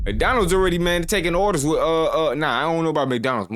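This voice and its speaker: A man's voice: fairly high pitch, fast talker, hardly any pauses, fairly bright tone, slight background noise. A man hosting a reaction video, giving a hyped, slangy pep talk that keeps circling back to the same catchphrases. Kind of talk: reaction commentary.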